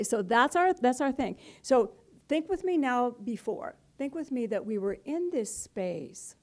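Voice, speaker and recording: Playful, mellow-voiced woman teaching spirit. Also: a little high. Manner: playful and conversational, laughs often. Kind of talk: spiritual talk to a live audience.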